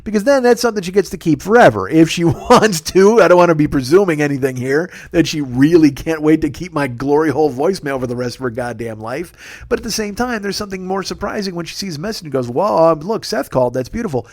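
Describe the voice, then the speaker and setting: A man's voice: a little high, fast talker. A man, a comedian telling a profane, rambling story on his podcast and often cutting himself off mid-sentence. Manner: profane, rambling, self-interrupting. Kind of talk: casual storytelling monologue.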